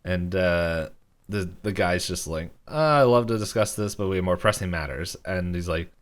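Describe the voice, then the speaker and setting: Male podcast co-host, lowish voice, loose rambling recap style, chuckles between beats. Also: moderate pace. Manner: rambling retelling, heavy use of "like", frequent chuckles. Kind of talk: casual episode recap chat.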